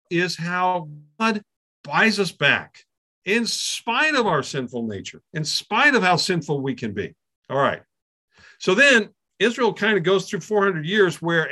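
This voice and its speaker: A middle-aged man leads a Bible class in a relaxed, conversational way, often checking in with his listeners. His voice is bright and forward and sits a little high for a man. He often repeats a word as he restarts a thought. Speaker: Bible teacher.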